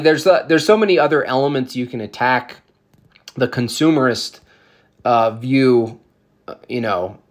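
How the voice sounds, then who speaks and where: A vlog commentator ranting about photographs in a heated, sarcastic way, with many fillers. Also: mid-range voice.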